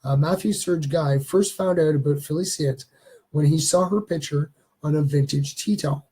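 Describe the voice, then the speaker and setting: A man's voice: on the high side, normal speed, warm tone, breathy edge. A man from Canada hosting a casual live-stream show, chatting loosely and reading viewer comments aloud as he goes. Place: home studio.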